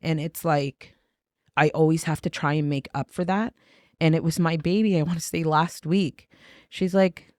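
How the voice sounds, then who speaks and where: Podcast guest, woman, middle-aged, from Canada; candid, animated storyteller, dry close sound. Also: low-pitched, moderate pace, no echo. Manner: emphatic, animated, drops to a hushed voice for intense moments.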